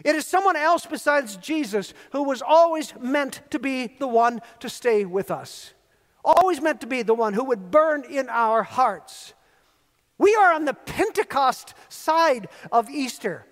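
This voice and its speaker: A man's voice: very high-pitched, lively intonation, unhurried, a bit bright. A male pastor preaching an earnest sermon, telling stories and building emphatic repeated phrases. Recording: long reverb of a large hall.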